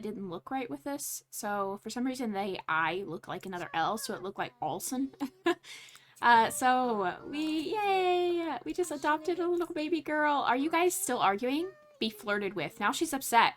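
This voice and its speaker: A woman narrating her life-sim game in chatty let's play commentary. Her fairly high voice swings up and down, and she reacts aloud with laughs and quick exclamations. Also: fairly bright tone. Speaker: gaming channel host.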